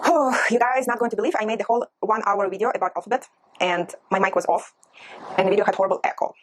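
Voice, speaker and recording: A woman's voice: mid-range voice, steady tone, quick pace, background noise. A woman with a Russian accent, a native Russian speaker, teaching an informal language lesson and often repeating her phrases as she explains. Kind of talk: casual spoken lesson.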